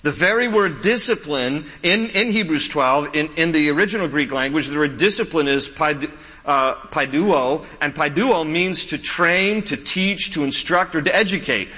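Bright-voiced pastor preaching in a reverberant hall. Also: male voice, on the high side, normal speed. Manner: animated storytelling with laughs and quoted voices; repeats key points for emphasis. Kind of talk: sermon.

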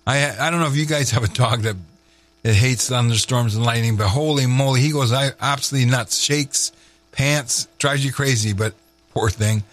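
A man's voice: medium pitch, normal speed. A man hosting a chatty morning radio show from a studio, upbeat and folksy, rambling and correcting himself as he goes. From Canada.

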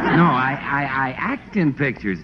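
A man in 1940s radio comedy as the show's announcer, brash, booming and salesman-like. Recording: muffled old radio broadcast with hiss.

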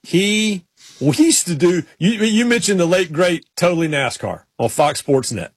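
A man's voice: high-pitched, expressive, moderate pace, husky, no room sound. A man hosting a casual chat, telling rambling stories with many restarts. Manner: rambling storyteller, frequent restarts. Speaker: podcast host.

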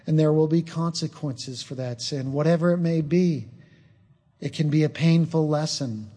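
A man's voice: fairly high pitch, moderate pace, dark tone. A male preacher delivering an earnest sermon, mixing scripture with personal stories.

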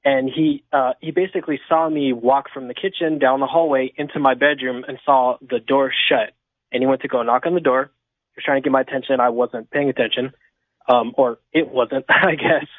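A man's voice: mid-range voice, steady tone, brisk, dry recording. A man from California calling in to a radio show, telling a story with lots of fillers and restarts. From Inland Empire, California. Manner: rambling, many fillers and restarts. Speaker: caller. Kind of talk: storytelling over the phone. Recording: tinny phone line.

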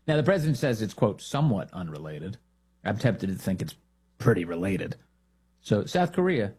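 A man hosting a political talk show, giving sarcastic, animated commentary. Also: medium pitch, normal speed, long pauses, breathy edge. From United States. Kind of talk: opinionated commentary.

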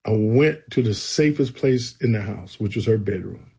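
A man's voice: on the low side, lively intonation, moderate pace, creaky, darkish tone, breathy edge. A man, a guest, earnestly telling his personal faith testimony in a conversation. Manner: storytelling, earnest and emphatic.

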